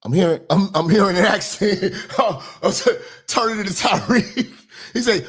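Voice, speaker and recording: Loud mocking high-voiced man reacting. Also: unhurried, husky. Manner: loud mocking reactions, shouts, sing-song outro. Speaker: commentary channel host. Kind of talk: reaction commentary.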